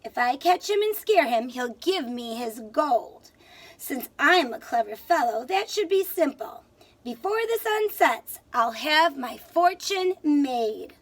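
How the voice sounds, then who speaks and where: A woman's voice: high voice, lively intonation, slow pace, exaggerated voice. A scheming farm lad, as a woman reads him. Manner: scheming, bold. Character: cunning young Irish farm lad.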